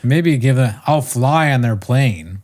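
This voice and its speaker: A man hosting a podcast in casual chat, easygoing and quick to laugh. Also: medium pitch, lively intonation, a little mellow. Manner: easygoing, laughs often, rambling. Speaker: podcast host.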